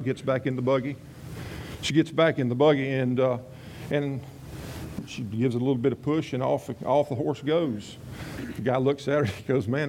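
A man's voice: mid-range voice, a little hiss or hum. A man preaching a sermon in a folksy, conversational way, with storytelling and rambling asides. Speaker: pastor.

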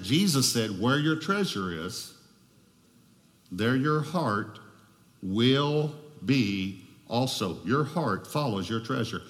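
A man's voice: mid-range voice, a bit bright. A man preaching a sermon as pastor, emphatic, repeating key phrases and putting questions to the congregation. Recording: long hall reverb.

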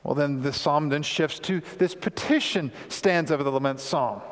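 A male pastor preaching a sermon in a church, rising loud and high on the cries he reads out and dropping low to explain. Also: expressive, normal speed. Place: church sanctuary. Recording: long hall reverb.

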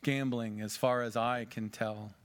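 A man's voice: medium pitch, steady tone, measured pace. A pastor in his forties preaching a sermon and telling a dramatic story. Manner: dramatic storytelling, varying loudness and pace.

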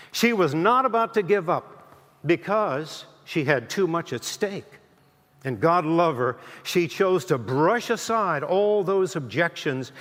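Slow-preaching pastor in a reverberant church. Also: male voice, fairly high pitch. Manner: slow, emphatic preaching with long pauses. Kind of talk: sermon. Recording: church hall with long reverb.

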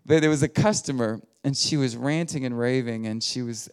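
A middle-aged man delivers a sermon, his voice carrying a gravelly edge. He tells stories in a folksy, easygoing way. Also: medium pitch, brisk, few pauses. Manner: folksy storytelling with laughs and quoted voices. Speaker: pastor.

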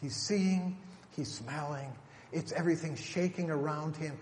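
A man preaching a sermon, asking rhetorical questions and slowing down to stress the scripture he quotes. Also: fairly high pitch, darkish tone. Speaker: pastor. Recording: echoey hall, faint room noise.

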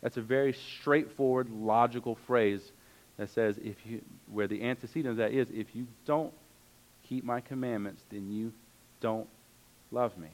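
A man's voice: mid-range voice, normal speed, darkish tone, rough recording. A man preaching a sermon, earnest and conversational, reading scripture aloud and adding casual asides. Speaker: pastor.

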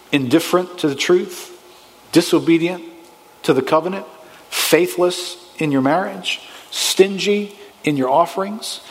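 Emphatic preacher man in a reverberant hall. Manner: emphatic, rising to high stressed peaks then dropping low. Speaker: pastor. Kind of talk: sermon. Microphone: handheld or headset microphone.

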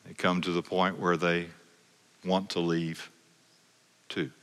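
A male pastor preaching a sermon in an earnest way, often repeating words and dropping low at the ends of his lines. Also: little pitch movement, slow, fairly bright tone, big-room sound.

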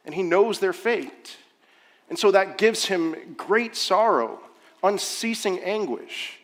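A man's voice: high voice, lively intonation, slow pace, a bit bright. Earnest male pastor in echoing church. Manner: earnest preaching, rising to urgent emphasis. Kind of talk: sermon. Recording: long hall reverb.

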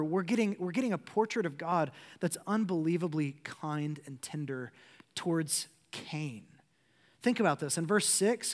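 Earnest preaching man, fairly high voice. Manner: earnest, rising to urgent emphasis, then dropping soft. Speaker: pastor. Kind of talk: sermon.

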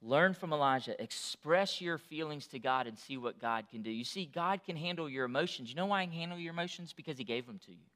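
Man, pastor, sermon, bright tone, fairly high voice, casual then emphatic. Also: animated, fast talker, hardly any pauses. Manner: conversational preaching, rising to loud emphatic peaks.

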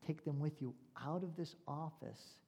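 A man's voice: vocal fry, dark tone, slightly rough. Blunt male therapist, curt and commanding, as a preacher puts him on; hall reverb. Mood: hushed, earnest. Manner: low and measured, then barking commands. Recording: long reverb of a large hall.

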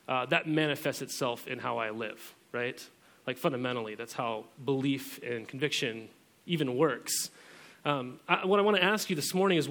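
A man's voice: mid-range voice, fairly bright tone. A man in his thirties, a pastor giving a sermon in a church, talking in a casual, chatty way with many fillers.

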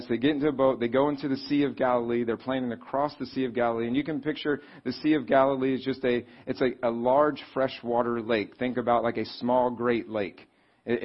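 Husky man, pastor preaching a sermon, conversational and animated, slightly dull lo-fi sound. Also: medium pitch.

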